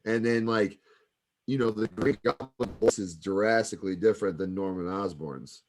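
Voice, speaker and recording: Low-voiced guy coaching wrestlers, laid back, says like a lot. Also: normal speed, slight background noise. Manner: relaxed, rambling, full of fillers like "like". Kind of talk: casual critique.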